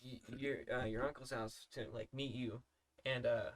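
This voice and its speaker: A man's voice: mid-range voice, steady tone, moderate pace. A young man telling a story in casual podcast chat, rambling and swearing, full of fillers. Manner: profane, rambling with many fillers. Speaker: podcast co-host.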